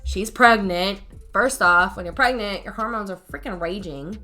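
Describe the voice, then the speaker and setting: Woman, podcast co-host, blunt and profane, bright forceful voice, faint music behind. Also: mid-range voice, moderate pace. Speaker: special needs teacher. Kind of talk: casual chat.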